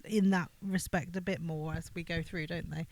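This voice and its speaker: A woman's voice: on the low side, steady tone, normal speed, darkish tone. A woman co-hosting a film podcast in casual chat, recapping the plot step by step and laughing easily. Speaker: podcast co-host.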